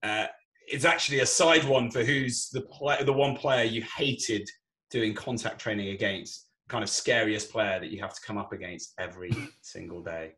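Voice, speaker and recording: A man's voice: on the low side, normal speed, a bit bright. A man hosting a casual sports podcast, putting questions to his guests and steering the chat. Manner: asks questions to set up topics. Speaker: podcast host.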